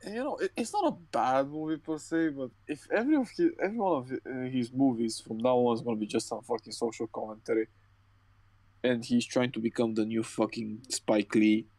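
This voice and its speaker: A man's voice: mid-range voice, expressive, brisk, darkish tone, dry recording. A tired young man co-hosting a podcast, ranting and swearing with stumbling restarts. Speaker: podcast co-host. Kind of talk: casual chat.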